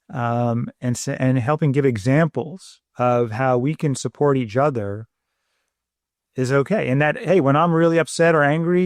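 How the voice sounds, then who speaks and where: A man co-hosting a parenting podcast, explaining things in a calm, measured and gentle way, sometimes repeating words as he thinks. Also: medium pitch, clean tone, no room sound, clean studio sound. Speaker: podcast co-host, parenting doctor.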